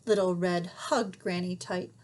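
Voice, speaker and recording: A woman reading a children's storybook aloud, expressive, pausing to ask her listeners questions. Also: lowish voice.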